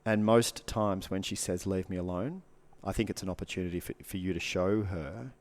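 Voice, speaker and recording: A man's voice: sits low, steady tone, fairly quick. A man, a guest coach giving earnest advice in casual podcast talk, repeating short punchy phrases.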